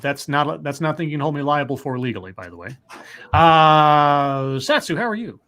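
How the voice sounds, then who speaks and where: On his casual online talk show, a podcast host welcomes listeners and banters with upbeat energy. The voice is fairly high-pitched and moves at a moderate pace.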